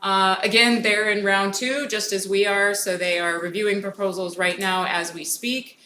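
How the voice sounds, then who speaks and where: A federal grants program speaker presents at a conference in an echoey hall with faint noise. Her medium-pitched voice is steady and sharp, and her delivery is brisk and informal, peppered with "um."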